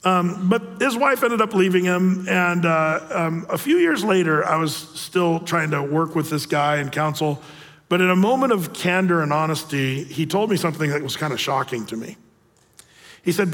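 A pastor in his sixties preaches in a loose, conversational, storytelling way. His voice sits high for a man and trails a long reverb from a big hall. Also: lively intonation, moderate pace, fairly bright tone. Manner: conversational, storytelling, acts out quotes. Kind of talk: sermon.

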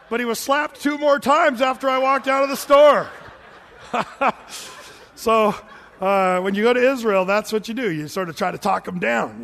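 Male pastor, high-pitched and folksy, telling stories from the pulpit in a reverberant hall. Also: a bit bright. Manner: folksy, chatty, quick to laugh. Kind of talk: sermon with storytelling.

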